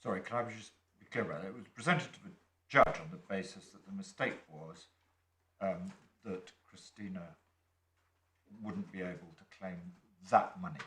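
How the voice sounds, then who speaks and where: Male appeal judge, very low voice, brisk queries; echoey room. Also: pushed and bright. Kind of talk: questioning counsel from the bench. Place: large echoey courtroom. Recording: echoey courtroom, faint noise.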